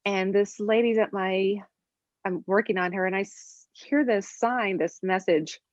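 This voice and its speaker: A woman, a functional medicine practitioner, explaining her work and telling stories in a lively way, acting out the voices of people she quotes. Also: medium pitch, measured pace, dry recording. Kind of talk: conversational explanation and storytelling. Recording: dry, dull lo-fi sound.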